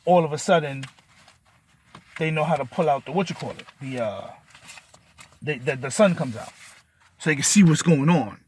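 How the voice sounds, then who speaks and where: A man's voice: fairly high pitch, moderate pace, pauses often, a little mellow, slight background noise. A man telling a story in an agitated, profane rant, cursing and repeating himself. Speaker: vlogger.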